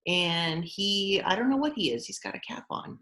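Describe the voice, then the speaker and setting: A young adult woman, a music therapist, telling a silly story and teaching young children in a slow, exaggerated, playful way with gasps and exclamations. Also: mid-range voice, animated, a bit bright. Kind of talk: sing-song children's lesson and storytelling.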